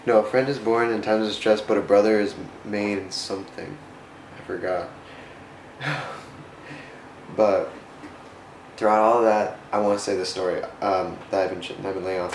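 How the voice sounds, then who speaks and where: A fairly low-voiced man talks earnestly about faith in a casual vlog, rambling and often correcting himself mid-sentence. His voice rings in a roomy, echoey space, with a faint hum of ambience behind it. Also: fairly even intonation, moderate pace, long pauses. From United States. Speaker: vlogger. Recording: roomy echo.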